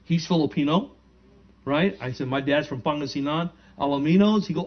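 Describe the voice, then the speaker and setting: A pastor tells a sermon as a relaxed, conversational story at normal speed, animatedly acting out every character's quoted lines. His voice sits a little high for a man, and the recording sounds somewhat muffled and lo-fi.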